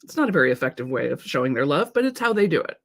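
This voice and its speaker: Her voice sits low and comes out rapid-fire as she leads a live coaching stream. Blunt and lively, she curses offhandedly and reads viewers' comments out loud.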